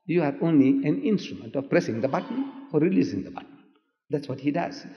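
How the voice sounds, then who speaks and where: An older man, preaching in an impassioned lecture that swings from loud emphatic cries to hushed asides. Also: a little high, lively intonation, quick pace. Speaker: Islamic preacher in debate. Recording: echoey hall, dull old lecture tape.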